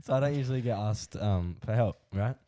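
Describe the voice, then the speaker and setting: Laid-back Australian bloke telling a story. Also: male voice, lowish voice, a little fast, mellow. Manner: laughs through his own story, slangy. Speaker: podcast co-host. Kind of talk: casual storytelling chat.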